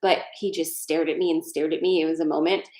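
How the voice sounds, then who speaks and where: A woman's voice: low voice, fairly even intonation, fast, a little mellow, slight background noise. Woman, tarot reader, casual live-stream chat, digressive, laughs a lot, echoey. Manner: chatty and digressive, laughs often. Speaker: tarot card reader hosting a live session. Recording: roomy echo.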